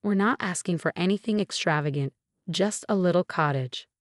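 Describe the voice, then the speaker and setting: A woman voicing a demanding, self-pitying older mother-in-law, coaxing and indignant by turns, in a low, dry reading voice. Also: normal speed, no room sound, natural voice. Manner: wheedling, then indignant.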